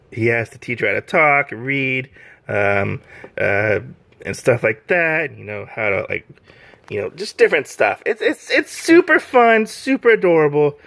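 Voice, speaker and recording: A man's voice: mid-range voice, fairly bright tone, no room sound. A man giving a casual, rambling video review, gushing with enthusiasm and filling his talk with "like" and "um". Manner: rambling, heavy use of "like" and "um". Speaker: manga reviewer.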